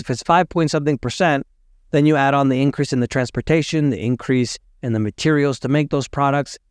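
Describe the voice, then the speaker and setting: A man giving casual commentary on market and economic news, thinking aloud, hedging his facts and doing quick math as he talks. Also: medium pitch, clean tone, no echo, studio quality.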